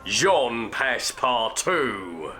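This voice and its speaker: An actor playing a brusque, bumbling police inspector who barks commands in a comic radio play. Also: male voice, medium pitch, big pitch swings, very slow, bright, forceful tone, slight background noise, heavily acted. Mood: officious. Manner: barking, commanding.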